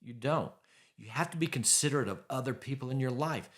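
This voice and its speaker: A man's voice: mid-range voice, a little fast. A middle-aged man hosting a faith-based advice podcast, speaking bluntly and emphatically and repeating his key phrases. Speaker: podcast host.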